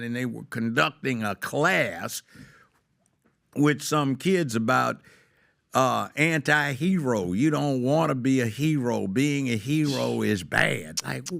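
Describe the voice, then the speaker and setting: Gravelly older man, emphatic talk. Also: mid-range voice. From United States. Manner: emphatic, rising to loud exclamations. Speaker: guest, former judge. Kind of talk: opinionated talk show monologue.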